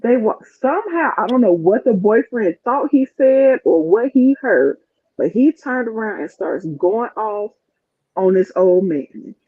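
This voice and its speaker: Storyteller, loose and animated, heard over a thin phone line. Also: mid-range voice, a little slow. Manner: animated, rambling anecdotes. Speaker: storyteller on a chat show. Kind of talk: casual storytelling.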